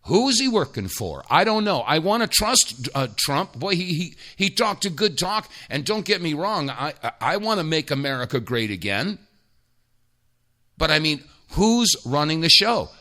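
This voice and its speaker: Talk radio host guy, sarcastic and emphatic, pitch jumps all over, kinda bright. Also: big pitch swings, moderate pace. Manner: sarcastic, emphatic, rambling with restarts.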